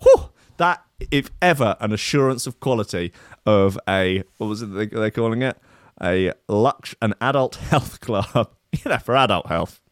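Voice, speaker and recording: A man's voice: fairly low pitch, animated, moderate pace, no echo, studio quality. A man hosting a podcast, reading the news aloud with wry, mocking asides and frequent giggles. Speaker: podcast host. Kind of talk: comedic news-reading chat.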